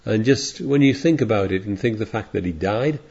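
Preacher, male: low mellow voice, rambling digressive sermon delivery, dull lo-fi recording. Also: lively intonation, brisk, creaky, slightly rough. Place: congregation in California.

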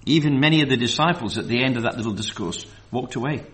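In a medium-pitched, slightly bright voice, a man preaches at a Bible study, reading scripture slowly and deliberately. Between verses he drifts into loose asides packed with fillers. A little hiss or hum can be heard on the recording.

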